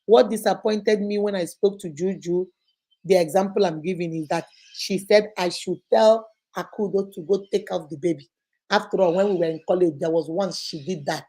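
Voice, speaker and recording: A woman hosting an advice show, talking in a casual, animated way and firing rhetorical questions at her listeners. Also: on the low side, normal speed.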